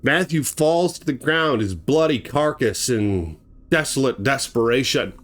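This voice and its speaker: A man's voice: medium pitch, animated, unhurried, a bit bright. A man telling a gruesome story in a casual spoken way, acting out sound effects and swearing freely. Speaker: storyteller host.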